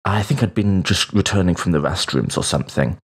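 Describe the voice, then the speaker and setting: A man's voice: sits low, expressive, a little fast, slightly rough. A man in his thirties, hosting a solo podcast and telling a personal story in a reflective way, with hesitations. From United Kingdom. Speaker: podcast host.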